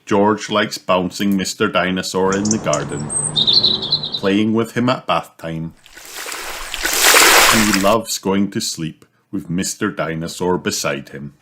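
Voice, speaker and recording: A man reading a children's book aloud in a slow, animated storytelling manner. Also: low-pitched, background noise. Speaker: storybook reader.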